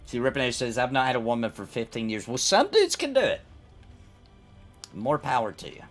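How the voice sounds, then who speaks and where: A man's voice: mid-range voice, big pitch swings, brisk, soft background music. A man hosting a casual gaming stream, rambling and joking while reading chat aloud. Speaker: streamer host.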